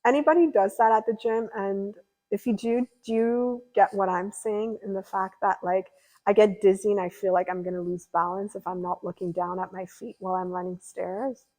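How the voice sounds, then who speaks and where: A young woman talking to her stream in a loose, rambling way, full of fillers and asides. She chats casually as she answers viewer comments, at an ordinary middle pitch. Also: steady tone, normal speed, mellow, rough recording. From California. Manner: chatty and rambling, lots of fillers. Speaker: livestreamer.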